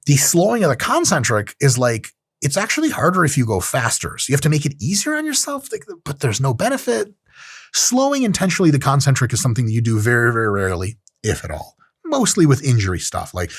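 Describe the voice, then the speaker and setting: Guy coach explaining lifting, swears a lot, jokes around, husky voice that jumps all over, dry sound. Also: mid-range voice, brisk, no echo. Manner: profane, joking, animated, with acted-out asides. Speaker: strength training coach. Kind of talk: casual lecture.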